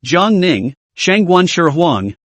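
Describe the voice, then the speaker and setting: Male narrator reading a comic recap aloud, higher-leaning voice with a lot of pitch movement, set close and dry with no room sound around him. He keeps a steady storytelling read throughout. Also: slow pace, dry recording.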